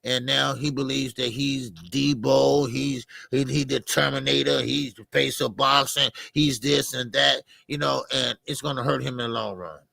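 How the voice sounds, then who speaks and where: A man's voice: mid-range voice, fairly even intonation, moderate pace, vocal fry, few pauses, pushed and bright, breathy edge, no echo. A man talking boxing in a blunt, heated way, repeating his points. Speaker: boxing commentator. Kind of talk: casual boxing debate.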